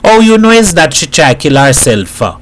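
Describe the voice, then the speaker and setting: A man's voice: on the high side, sing-song, normal speed, slight background noise, voice pushed up. A man voicing a tactless, prying male neighbor in a story reading.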